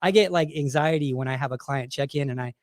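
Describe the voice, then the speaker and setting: A man's voice: medium pitch, quick pace, dry recording, clean studio sound. A man coaching fitness, chatting casually as a podcast host, telling a rambling story full of fillers and restarts. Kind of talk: casual chat.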